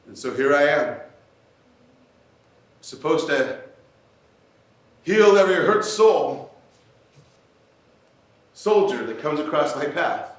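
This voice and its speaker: A man telling a story on stage in a dramatic, measured way that rises to shouts. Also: fairly high pitch, expressive. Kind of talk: theatrical spoken-word storytelling. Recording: echoey stage from far off.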